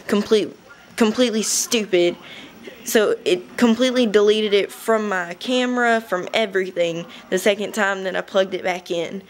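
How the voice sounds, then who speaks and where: A young woman casually telling a rambling story to her webcam at home, chatty and giggly, with quick bursts. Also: medium pitch. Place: home room.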